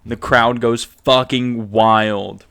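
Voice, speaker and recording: A man's voice: mid-range voice, steady tone, drawn-out words, vocal fry, a bit bright, clear, resonant tone, no echo. A man narrating as game master of a tabletop game, casual and swearing, laughing at his own jokes.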